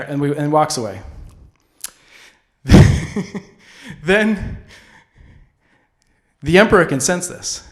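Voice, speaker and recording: A man hosting a public access comedy show, delivering a rambling, goofy monologue full of restarts. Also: on the high side. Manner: rambling, self-interrupting, goofy.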